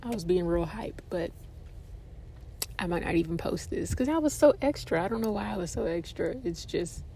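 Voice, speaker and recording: A woman hosting a casual podcast, telling a story in an animated, dramatic way. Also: normal speed, a little hiss or hum. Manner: animated and dramatic, with expressive pitch jumps. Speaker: podcast host.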